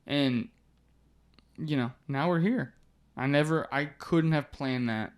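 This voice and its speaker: A man in his twenties, an MMA fighter guest on a podcast, telling stories in a loose, animated way, laughing often and swearing casually. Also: a little high, slow. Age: 20s.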